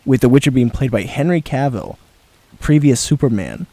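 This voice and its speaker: A man's voice: medium pitch, animated, moderate pace, warm tone, no echo. A young man hosting a casual podcast, rambling with restarts and laughing often. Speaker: podcast host.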